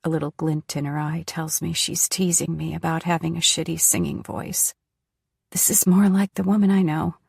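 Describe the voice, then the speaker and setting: A woman narrating a first-person audiobook in a hushed, often whispery voice. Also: low-pitched, little pitch movement, moderate pace, vocal fry, husky, no echo, clean studio sound.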